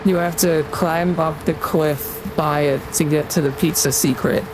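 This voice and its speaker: A man's voice: on the high side, fairly even intonation, unhurried, background noise. A young man streaming, chatting casually and rambling while he reads out donations, into a desktop USB mic. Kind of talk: casual livestream chat.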